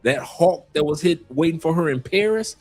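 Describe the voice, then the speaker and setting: A man from Detroit, a guest in a casual live chat, telling stories in an animated way and laughing often. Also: fairly high pitch, moderate pace, soft background music. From Detroit, USA.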